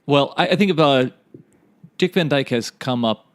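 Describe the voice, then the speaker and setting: A man's voice: mid-range voice, moderate pace, no room sound. A man co-hosting a podcast in casual chat, rambling and speculating, laughing at his own stories. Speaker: podcast co-host.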